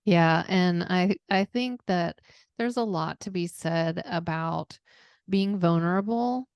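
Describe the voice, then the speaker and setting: A woman's voice: on the low side, slow, smooth, no echo, highs cut off. A woman hosting a wellness podcast, talking in an earnest, reflective way and moved by what she says. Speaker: podcast host. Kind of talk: heartfelt conversational interview.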